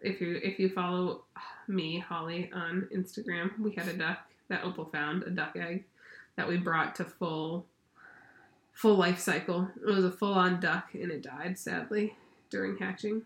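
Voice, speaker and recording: A woman's voice: on the low side, fairly even intonation, moderate pace, fairly bright tone. A woman in her thirties chatting casually as a podcast co-host, with lots of fillers and acted-out quotes. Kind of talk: casual chat. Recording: roomy echo.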